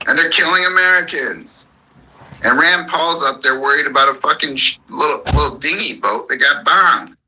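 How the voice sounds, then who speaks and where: A man's voice: a little high, normal speed, bright, forceful tone, a little hiss or hum, low-quality recording. A man hosting a live audio chat room, ranting heatedly about politics with plenty of profanity. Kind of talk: angry political rant.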